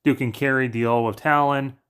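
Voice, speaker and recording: A man with a mid-range voice talking through a story recap. His telling is casual, brisk and offhand, like someone chatting ideas to viewers. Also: mid-range voice, fairly even intonation, a bit bright, clean tone. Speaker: narrator pitching story ideas. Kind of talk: casual plot recap narration.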